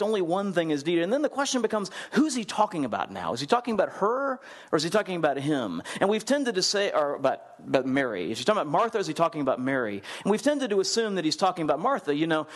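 A man preaching a sermon in a conversational, animated way, acting out the people in the story and putting questions to his listeners. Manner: animated storyteller, acts out quotes with big swings in pitch; conversational, asks the congregation questions. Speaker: pastor.

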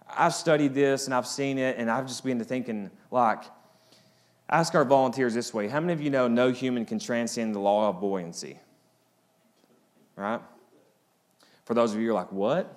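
A man preaches, his voice sitting at a middling pitch. He swings from loud, rising appeals to quiet, low asides, pressing his congregation with questions. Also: moderate pace, pauses often. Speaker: pastor. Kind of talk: sermon.

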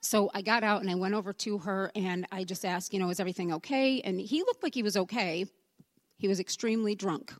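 A woman from the congregation tells a personal testimony as a relaxed story and acts out the dialogue as she goes. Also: medium pitch, brisk, no room sound. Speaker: church member giving a testimony.

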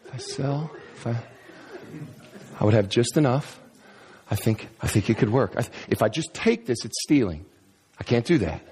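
A man's voice: mid-range voice, lively intonation, moderate pace, pauses often, a little mellow, husky, voice pushed down. A man playing a poor laborer thinking aloud, hesitant and unsure. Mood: musing. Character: poor man hatching a risky plan.

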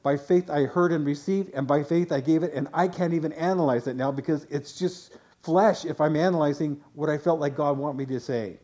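A man's voice: fairly high pitch, a little fast, hardly any pauses, dark tone. A man pastor preaching a sermon in a conversational way, often restarting phrases and voicing quotes.

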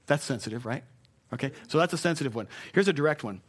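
A man's voice: fairly high pitch, animated, fast talker, breathy edge. Chatty self-deprecating male preacher. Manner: conversational, self-deprecating, repeats key phrases. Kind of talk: sermon.

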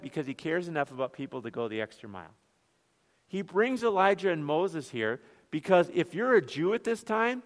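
A man's voice: a little high, in a large hall. A man with a Northern Minnesotan accent preaching a sermon as pastor, conversational, with rhetorical questions and joking asides. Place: church.

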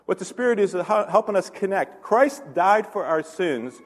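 A man's voice: high voice, expressive, normal speed, long reverb tail. A male pastor preaching a conversational sermon, asking the congregation questions and adding self-deprecating asides.

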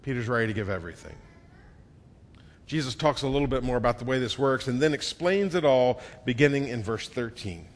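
A man preaching a sermon in a church, with expressive delivery that swings between loud emphasis and quiet, close moments. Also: medium pitch, fairly quick, in a large hall. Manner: expressive, acts out quoted voices with swings in loudness.

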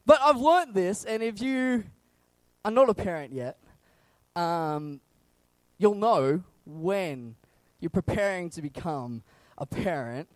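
Animated young man preaching with humor. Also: on the high side, no room sound. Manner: animated, humorous storytelling that acts out scenes. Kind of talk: sermon.

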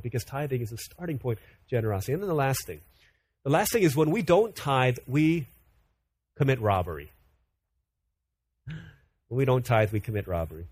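A man preaching a sermon in an animated way, often repeating words as he builds a point. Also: mid-range voice, moderate pace, long pauses, husky, no room sound. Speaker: pastor.

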